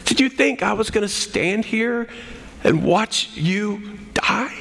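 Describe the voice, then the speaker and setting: A preacher voicing a calm, reassuring teacher. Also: male voice, sits high, fast talker, pitched above the performer's own voice, heavily acted. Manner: easygoing, reassuring, conversational. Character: calm, reassuring male teacher, gently amused. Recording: long hall reverb.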